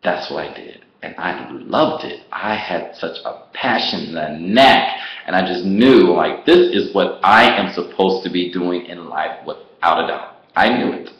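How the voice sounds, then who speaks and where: A man vlogger telling his personal story to the camera in an animated way, laughing often and acting out what he once said. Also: low voice, measured pace, highs cut off. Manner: animated, laughs often, acts out his own past words. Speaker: online business vlogger. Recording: roomy echo.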